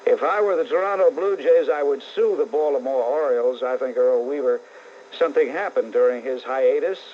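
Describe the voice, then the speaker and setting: A brisk, medium-pitched middle-aged man with a New York accent hosts a call-in radio show, sarcastic and blunt as he rants at callers and listeners. The recording is muffled old AM radio tape with slight background noise.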